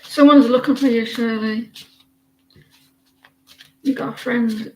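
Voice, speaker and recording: A woman's voice: fairly high pitch, steady tone, slow pace, dark tone, rough recording. A woman giving a casual livestream tarot reading, rambling and chatty as she talks to viewers by name. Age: adult with a daughter. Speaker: tarot reader.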